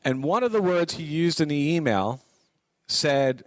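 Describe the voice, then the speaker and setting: A man's voice: on the high side, expressive, measured pace, dry recording. Middle-aged man lecturing students. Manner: conversational, repeats points for emphasis. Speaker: guest speaker on business writing.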